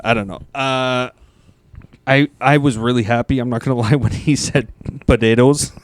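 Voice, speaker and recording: A man's voice: mid-range voice, steady tone, normal speed, no room sound. Male podcast host, mid voice, loose and agreeable. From Canada. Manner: laughs easily, lots of agreeing fillers. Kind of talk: casual podcast chat.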